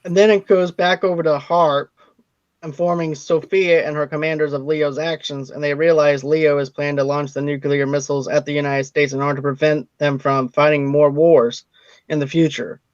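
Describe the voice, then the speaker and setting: A man co-hosts a casual spoiler review and recaps the plot in a matter-of-fact way. His voice sits a bit high for a man. The recording is dry and slightly muffled. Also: level tone, normal speed, no room sound. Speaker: movie review co-host.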